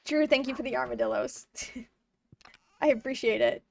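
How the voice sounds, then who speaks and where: A woman's voice: sits high, huge pitch swings, moderate pace, creaky, distant mic. A woman in her twenties streaming a farming game from home, chatting casually with her chat and laughing often. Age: 20s. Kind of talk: casual live-stream chat while gaming.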